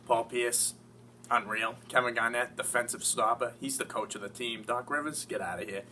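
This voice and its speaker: A man from Massachusetts talking as an interviewed sports fan, rambling, profane and excitable. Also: medium pitch, normal speed, slight background noise. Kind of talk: casual mock interview. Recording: distant mic with faint ambience.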